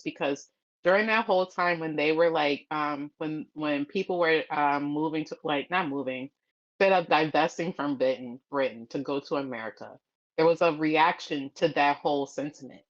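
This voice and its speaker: A woman's voice: deep voice, lo-fi sound. A woman guest on a livestream, talking casually in a blunt, profane, slangy way. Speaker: stream guest. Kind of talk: casual chat.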